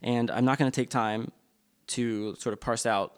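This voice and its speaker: A man's voice: mid-range voice, steady tone, normal speed, clean tone. A man leading a church class discussion in a loose, unscripted way, with frequent ums and restarts.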